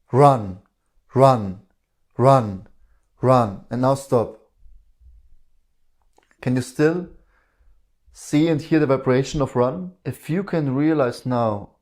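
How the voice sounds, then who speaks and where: A man giving a reflective spiritual talk in a calm way, often posing rhetorical questions to the listener. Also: medium pitch. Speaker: spiritual teacher.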